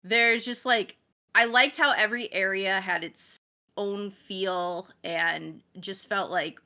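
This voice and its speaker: A bright-voiced woman chats on a casual gaming podcast. Her voice sits at an ordinary pitch, and she talks eagerly, with plenty of "like" and "um" as she goes. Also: steady tone, takes it slowly. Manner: chatty and enthusiastic, many fillers like "like" and "um". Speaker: game editor, podcast co-host.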